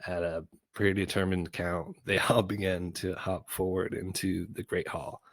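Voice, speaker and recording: Deep-voiced man reading a children's book aloud. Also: flat delivery, measured pace, no echo. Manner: goofy, casual, with small slips and self-corrections. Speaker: book reader.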